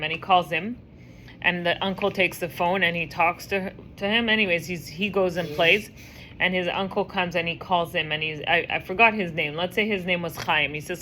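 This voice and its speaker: Woman teacher telling a lively story. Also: fairly low pitch, moderate pace, slight background noise. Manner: lively storyteller who acts out voices. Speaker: teacher leading a women's class. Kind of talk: casual storytelling lesson.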